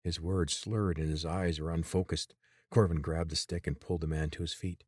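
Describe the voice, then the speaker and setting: A man reading an adventure story aloud in a steady, measured narration. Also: rumbling low, slightly rough, no room sound, clean studio sound. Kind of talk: scripted audiobook narration.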